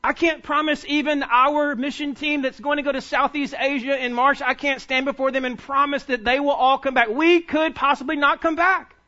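A male pastor delivering a sermon in a church, urging his listeners to hear him. His voice sits very high and sounds bright and forceful. The recording is dull and lo-fi. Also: steady tone, normal speed, few pauses. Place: church sanctuary.

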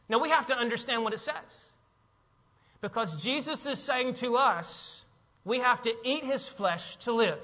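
A male pastor preaching in a church, with a high, bright, ringing voice. He is animated, acting out the people in the story and tossing questions back to the congregation. The sound carries a long hall reverb and is slightly dull and lo-fi. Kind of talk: sermon. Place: church sanctuary.

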